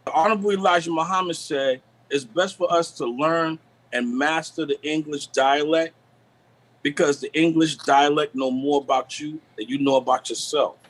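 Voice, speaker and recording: A man on a live video call, explaining the deeper meanings of words in a preachy, repetitive way. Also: steady tone, normal speed, poor audio. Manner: preachy, repeats "you know what I'm saying". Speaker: guest. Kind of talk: live stream talk on word meanings.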